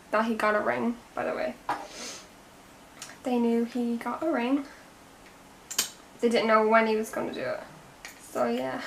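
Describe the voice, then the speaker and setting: A young Irish woman vlogging as she does her makeup, rambling and chatty, sometimes dropping into soft half-whispers. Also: on the high side, gravelly, slight background noise. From Ireland. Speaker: beauty vlogger. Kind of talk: chatty get-ready-with-me vlog. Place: home room.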